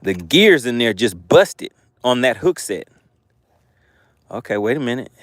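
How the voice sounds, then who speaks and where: A man's voice: mid-range voice, big pitch swings, measured pace, no echo. Playful man hosting a fishing livestream. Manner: playful, teasing banter with viewers. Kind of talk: live fishing stream, reading chat aloud. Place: outdoors by the water.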